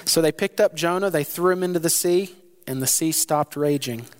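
A man preaching a sermon, animated, acting out the sailors' lines with sudden jumps in pitch and volume and laughing as he talks. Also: normal speed. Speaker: pastor.

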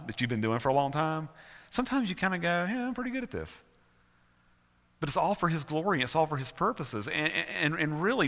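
A male pastor with a Southern US accent preaches earnestly, leaning on emphatic repetition. His voice is on the high side with a fairly bright tone, and the church hall he's in is reverberant.

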